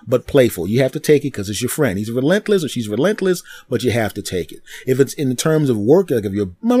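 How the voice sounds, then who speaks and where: A man hosting a comedy podcast, telling a story in an animated, repetitive way with mouth sound effects. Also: medium pitch, no echo. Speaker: podcast host.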